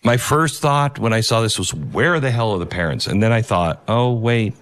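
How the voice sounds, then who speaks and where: A middle-aged man delivering an earnest, emphatic opinion monologue, pausing to stress key words. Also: on the low side, animated, fairly bright tone. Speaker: commentator.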